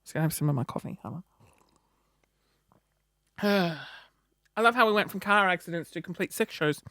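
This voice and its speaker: A woman, telling a story in a casual vlog with animated, wry delivery. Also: fairly low pitch, moderate pace. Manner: animated, wry, acts out quoted reactions. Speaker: vlogger.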